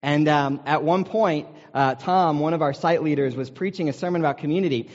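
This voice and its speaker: A man's voice: a little high, fairly quick, a little mellow. An American man preaching a sermon in a conversational, storytelling way with self-deprecating humor, recorded in a large meeting hall. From United States. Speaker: pastor. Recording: dull sound with long hall reverb.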